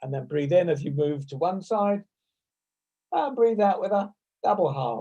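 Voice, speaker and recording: A man's voice: high-pitched, animated, moderate pace, creaky, dark tone, low-quality recording. A man with a British accent leading a laughter yoga session over a video call at his desk, talking in a playful, chatty way and breaking into bursts of laughter. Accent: British English. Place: at a desk at home. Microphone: desk microphone.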